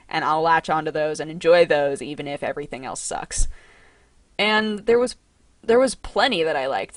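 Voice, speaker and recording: A young woman hosts a casual livestream from home, talking in a chatty, excitable way and cooing to her cat. Her voice is deep, and there's no room sound.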